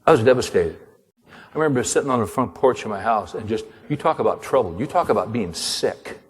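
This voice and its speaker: An older man preaching, telling a personal story in an animated way and acting out the dialogue. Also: medium pitch, fairly quick, slightly rough, big-room sound. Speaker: pastor and author. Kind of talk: sermon storytelling.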